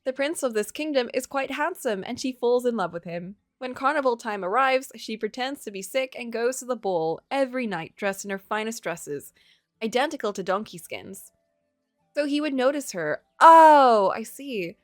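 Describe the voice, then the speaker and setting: Woman streamer reading a game out loud, super animated voice, dry close sound. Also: fairly high pitch, moderate pace, dry recording. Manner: lively, chatty, laughs often, reacts with gasps. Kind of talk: live let's play, reading game text aloud and chatting.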